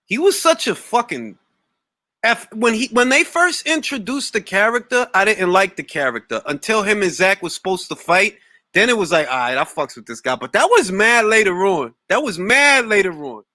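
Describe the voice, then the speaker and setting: A man's voice: sits high, sing-song, normal speed, sharp tone, no echo, studio quality. A man hosting a boxing talk stream, casual, profane and jumping between topics. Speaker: boxing talk show host. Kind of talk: casual livestream chat.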